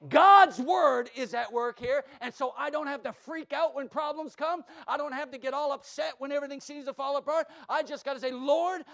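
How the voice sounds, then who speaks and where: A high-voiced male pastor preaching a sermon with emphatic calls to the congregation. He stammers and repeats words as he builds, then sinks into soft, hushed reassurances.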